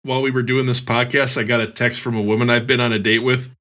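A man on a comedy podcast, excitable and easily flustered as he chats casually. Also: mid-range voice, fast. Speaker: podcast co-host.

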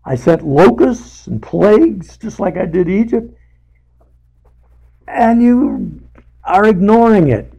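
A man leading a casual Bible study, talking haltingly with many fillers and restarts, and putting emphasis on paraphrased scripture. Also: high-pitched, expressive, gravelly, mellow, slightly rough, lo-fi sound.

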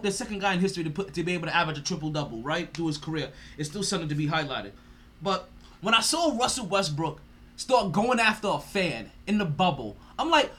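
A man's voice: high-pitched, fairly bright tone, slight background noise. A man hosting a sports podcast, ranting in a profane, mocking way and laughing often. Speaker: podcast host.

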